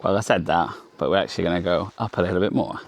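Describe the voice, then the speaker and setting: A man's voice: low voice, quick pace, slight background noise. A man walking a forest trail and narrating his travel vlog in a loose, rambling way, hot and sweaty from the climb. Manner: rambling, chatty, lots of "so yeah" fillers. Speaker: travel vlogger.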